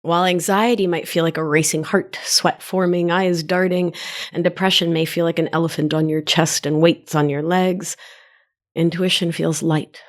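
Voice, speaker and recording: A woman hosting a solo wellness podcast, teaching in a gentle sing-song and a slow, deliberate way. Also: lowish voice, steady tone. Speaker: podcast host and life coach.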